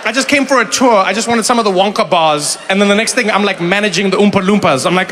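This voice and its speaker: A man from South Africa working a live crowd in a stand-up set, his voice sitting high and ringing bright. He talks in lively bursts, slipping into mimicked voices and laughing with the audience. A faint hum of the room sits behind the stage mic. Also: fast, hardly any pauses, long reverb tail. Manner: animated, acts out voices, laughs along. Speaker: comedian. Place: comedy venue with a live audience.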